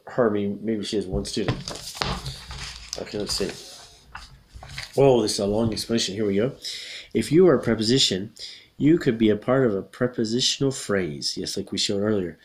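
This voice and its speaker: Man, low voice, casual read-aloud grammar lesson, self-corrections, faint hiss. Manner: reads slowly with self-corrections and asides. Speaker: English teacher reading a grammar picture book.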